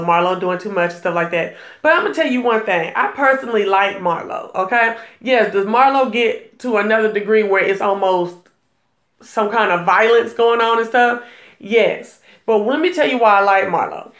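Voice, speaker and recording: A woman hosts a casual live stream in a bright, forceful voice, chatting with her viewers and greeting them by name. She laughs easily and gossips freely. The sound is roomy, with a clear echo. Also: fairly high pitch. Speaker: livestream jewelry seller and gossip host.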